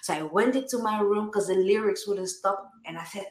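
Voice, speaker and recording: A woman with a mid-range voice speaks briskly, her sound carrying a roomy echo. She's a singer-songwriter guest in a casual interview, reflective in manner, often repeating words and restarting her sentences.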